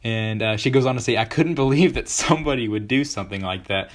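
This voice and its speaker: A teenage boy hosting a podcast, chatting in a joking, excitable way with lots of fillers. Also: mid-range voice, fast talker. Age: teens. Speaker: podcast host. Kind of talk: casual podcast chat.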